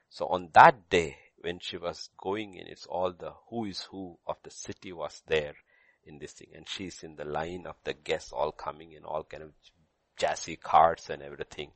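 A man's voice: deep voice, creaky, no echo. A man pastor preaching a sermon, telling a story and acting out its dialogue, repeating phrases for emphasis. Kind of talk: sermon with Bible teaching.

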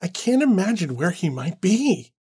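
A man voicing a worried young woman who turns sharp and demanding. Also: high-pitched, very animated, normal speed, husky, pitched above the performer's own voice, full character voice. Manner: pleading, then sharp and demanding. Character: anxious young woman, then furious.

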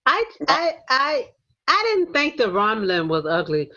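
A woman's voice: on the high side, very animated, a little slow, bright, forceful tone. Gushing woman on a slightly dull recording. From United States. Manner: gushing and emphatic, repeats herself. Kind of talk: casual chat.

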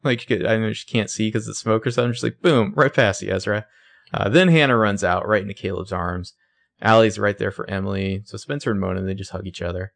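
Low gravelly man, casual podcast recap. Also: quick pace, a bit bright. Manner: acts out characters' lines in brief put-on voices. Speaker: podcast co-host recapping a show. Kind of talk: casual chat.

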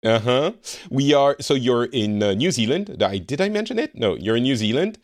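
A man's voice: mid-range voice, expressive, brisk, dry recording, studio quality. A French man hosting a podcast, chatting casually with a guest, laughing often and teasing himself. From France. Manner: chatty, laughing, self-deprecating. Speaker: podcast host. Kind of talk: casual chat.

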